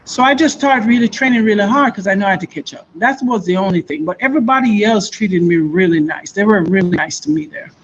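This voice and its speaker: Lively Jamaican woman telling stories. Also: medium pitch, fast talker, hardly any pauses, highs cut off, a little hiss or hum. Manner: lively storyteller who acts out other people's voices. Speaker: guest, former basketball player. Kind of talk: radio interview.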